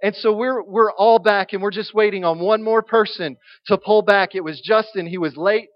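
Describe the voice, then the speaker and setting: A man preaching a sermon, telling a humorous story in an animated way. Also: sits high, normal speed, muffled recording.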